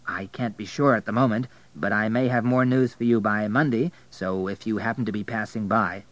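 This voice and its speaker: A man reading the part of a discreet bank manager, speaking in a formal, measured way. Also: fairly low pitch, dry recording, natural voice, poor audio.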